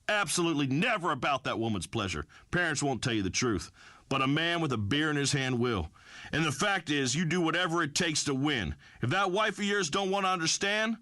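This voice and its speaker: An actor playing a brash, folksy redneck farmer who hosts a talk radio show, blustering through rambling pronouncements. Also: male voice, fairly high pitch, pushed and bright, dry recording, studio quality. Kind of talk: comic talk radio acting.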